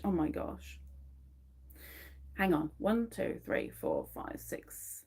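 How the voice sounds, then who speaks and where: A woman talks at an unhurried pace as she crochets live, chatting easily with her viewers. Her pitch sits in the middle of the range, and she quietly counts stitches under her breath between remarks. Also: lively intonation, breathy edge. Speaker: crochet livestream host. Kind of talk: casual chat to a live audience while crocheting.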